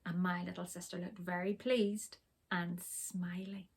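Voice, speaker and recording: A woman reading a children's story aloud, expressive and sometimes dropping to a whisper for suspense. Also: on the low side, measured pace, slight background noise.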